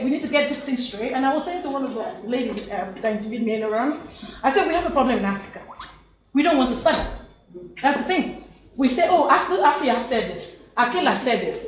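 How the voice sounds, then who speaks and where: A woman from Nigeria speaking up from the audience at a panel, emphatic and laughing as she talks, with many restarts. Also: sits high. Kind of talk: impassioned comment from the floor. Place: university lecture hall. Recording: echoey lecture hall.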